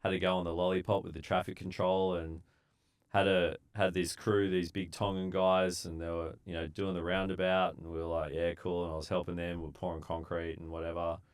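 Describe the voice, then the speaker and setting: A man's voice: deep voice, brisk, smooth. A man, a civil engineer telling laid-back stories from his site days as a podcast guest, acting out what people said. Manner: laid-back, relaxed storyteller who acts out quotes. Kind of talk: casual storytelling.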